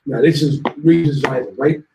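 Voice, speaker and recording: A male guest on a talk show telling anecdotes in a lively way and acting out other people's lines. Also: medium pitch, moderate pace, creaky, roomy sound, noisy background. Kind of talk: anecdotal storytelling.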